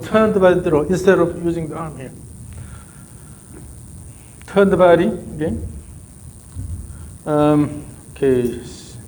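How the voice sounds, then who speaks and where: A man's voice: a little high, takes it slowly, long pauses, a little mellow, slight background noise, low-quality recording. A man working as a golf coach in a live session, calling out short repeated drill cues and then explaining the movement.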